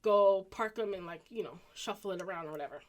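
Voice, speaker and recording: Southern lady in her 30s spilling a story to the camera, chatty, jumps up high when she does other people's voices. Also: fast talker. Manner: animated, acts out quoted voices with pitch jumps. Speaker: vlogger. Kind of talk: casual storytelling.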